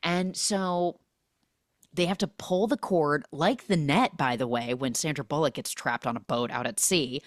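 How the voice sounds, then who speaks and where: A woman's voice: low voice, unhurried, no echo, studio quality. A woman hosting a podcast, recapping a film in a casual, sarcastic way, acting out the characters' lines as she goes. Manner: animated, sarcastic storytelling with acted quotes. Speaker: podcast host.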